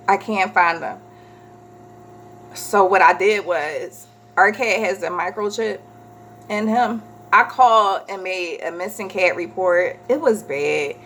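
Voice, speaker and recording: A woman, chatting casually as a vlogger and telling a story with animated quoted voices. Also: medium pitch, slow pace, a little hiss or hum.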